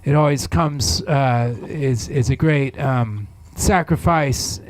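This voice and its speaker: A man hosting a comedy variety show, musing in a halting, mock-solemn way. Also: mid-range voice, no echo. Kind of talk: deadpan comic hosting.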